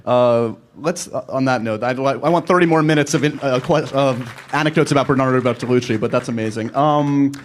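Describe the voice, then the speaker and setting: A man moderating an event Q&A, brisk and upbeat as he hands over to the audience. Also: mid-range voice, a little hiss or hum. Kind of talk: hosting a Q&A.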